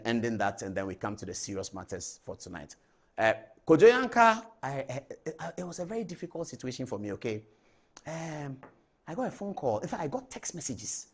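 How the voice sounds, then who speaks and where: Hosting a TV talk show, a middle-aged Ghanaian English-accented man rambles through a lively, talkative monologue full of tangents. He speaks a little high.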